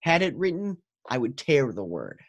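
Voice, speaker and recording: A lovestruck young nobleman, read by a man in an everyday speaking voice. He is earnest and measured, taking the verse slowly and steadily, like a stage play read aloud. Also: mid-range voice, sing-song, husky.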